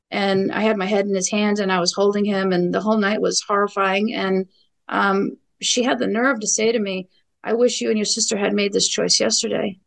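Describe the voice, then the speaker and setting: Speaking as a guest on a podcast, a middle-aged New York woman recounts her personal story bluntly and emphatically, leaning on repeated phrases and fillers. Her voice is gravelly with an ordinary middle pitch, and the audio is poor.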